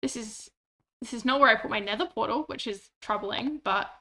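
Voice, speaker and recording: A woman's voice: a little high, normal speed, pushed and bright. A woman streaming a game, chatting casually in rambling, self-deprecating asides on a cheap microphone. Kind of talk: casual gameplay commentary. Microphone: cheap desktop microphone.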